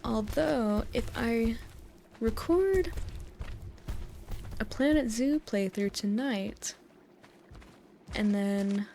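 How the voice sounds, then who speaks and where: An American gaming YouTuber in her twenties talks extremely slowly in a high-ish, creaky, dark-toned voice, pausing often. She rambles through sleep-time gameplay chat at home, giggling frequently through meandering stories, close on a USB dynamic mic with a little hiss or hum.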